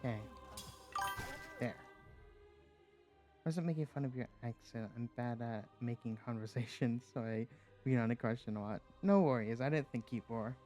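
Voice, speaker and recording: A man's voice: mid-range voice, normal speed, pauses often, warm tone, soft background music. A man from the Appalachian United States chatting casually while streaming a game, rambling and hesitant, with lots of fillers and small laughs.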